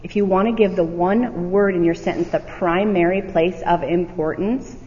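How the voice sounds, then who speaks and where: A woman's voice: on the low side, steady tone, moderate pace, dark tone. A woman teaching a Bible study, reading verses aloud and checking in with rhetorical questions in an earnest manner. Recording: dull audio with long hall reverb.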